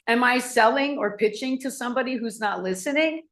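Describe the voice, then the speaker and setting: Woman telling a story to a crowd, lively, does little voices for people. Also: fairly high pitch, fairly quick. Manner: animated, acts out voices in anecdotes. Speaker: speaker. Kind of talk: storytelling talk to an audience.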